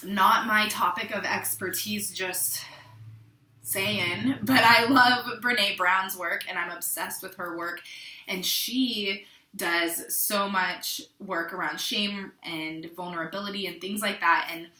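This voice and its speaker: Speaking slowly in a steady, mid-range voice, this Pacific Northwest vlogger in her young adult years reflects openly to her channel's audience in a reverberant space. Her casual talk wanders, with frequent restarts and quiet asides.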